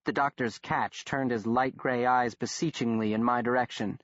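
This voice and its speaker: A male narrator reads a horror novel in a measured, steady way at a middling pitch. The recording is dry with no room sound. It has a slightly dull, muffled quality. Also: dry recording. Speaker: audiobook narrator. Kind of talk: scripted narration.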